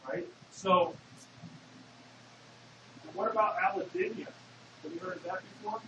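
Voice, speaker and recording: This lecturer's voice sits high and moves at a measured pace against a noisy background. Teaching in an echoey lecture hall, he walks through material step by step and quizzes the class.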